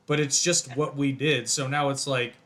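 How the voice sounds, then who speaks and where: A man in his thirties co-hosting a podcast, chatting in a friendly, quick, lively way. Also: medium pitch. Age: 30s. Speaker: podcast co-host. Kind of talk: casual podcast chat.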